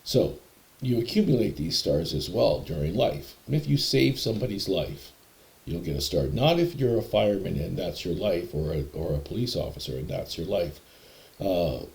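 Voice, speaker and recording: A man's voice: deep voice, vocal fry, warm tone. A man telling personal stories in a rambling, hesitant, conversational way. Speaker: storyteller. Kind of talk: personal storytelling.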